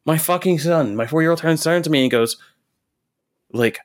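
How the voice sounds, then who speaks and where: A man in his thirties with a voice on the high side co-hosts a film podcast, speaking at normal speed with no room sound. During casual chat he tells stories in an animated, profane, ranting way.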